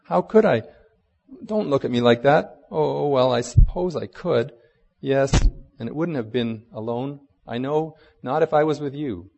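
A man's voice: mid-range voice, normal speed, hardly any pauses, highs cut off, noisy background, voice pushed up, natural voice. An eager, pleading young girl from a storybook, as a man reading aloud puts her on. The voice is lifted well above his own and carries an earnest, imploring tone. A long hall reverb trails behind every phrase.

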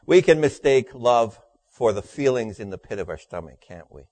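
A man preaching a sermon, telling jokes in a dry storytelling way and dropping his voice low for the punchlines. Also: expressive, normal speed, a little mellow, no echo. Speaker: pastor.

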